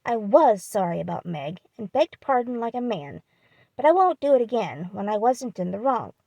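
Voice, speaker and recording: A proud young man in a sulk, defiant and quick to take offence, as a woman reads him in an audiobook. The tone is dark and gravelly, and the room is dry. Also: medium pitch, very animated, no echo. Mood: indignant. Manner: indignant, defiant. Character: young man, proud, sulky, hot-tempered.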